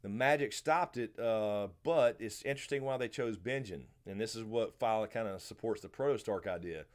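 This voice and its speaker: A man's voice: fairly low pitch, moderate pace. Laid-back Southern man hosting a livestream. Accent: American Southern. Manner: relaxed, rambling, answers chat by name. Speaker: livestream host. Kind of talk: casual live Q&A chat.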